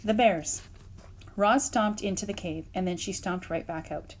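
Female reader for a children's chapter book, lively and expressive, mid-range voice. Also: medium pitch, a little slow. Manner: expressive, lively narration with voiced sound effects. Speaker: audiobook reader. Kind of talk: storybook read-aloud.

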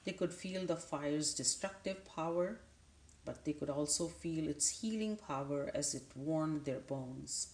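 Slow, low-voiced woman reading a storybook. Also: darkish tone, echoey room. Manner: measured, unhurried, with small restarts. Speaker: audiobook narrator. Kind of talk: storybook read-aloud.

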